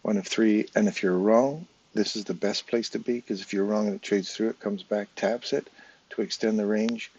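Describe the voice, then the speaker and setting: A man's voice: fairly low pitch, fairly even intonation, normal speed, a little mellow, highs cut off. An English man with a casual, chatty manner, talking viewers through a trading chart live, step by step. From England. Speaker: trading educator.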